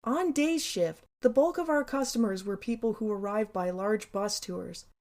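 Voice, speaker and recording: A woman's voice: medium pitch, normal speed, a little mellow. A woman narrating her own memoir in a wry, candid, sarcastic way, with casual swearing.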